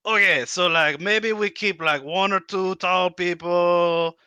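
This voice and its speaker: A man's voice: high voice, steady tone, slow pace, bright, forceful tone, clear, resonant tone, no room sound, highs cut off, voice pushed up, full character voice. A man voicing a small scheming male kobold with a French accent, eagerly bargaining. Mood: wheedling.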